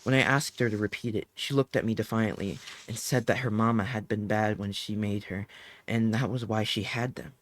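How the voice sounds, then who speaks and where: A man reading an audiobook aloud in an emotive, dramatic way, slowing down on the key phrases. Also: lowish voice, fairly even intonation. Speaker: audiobook narrator.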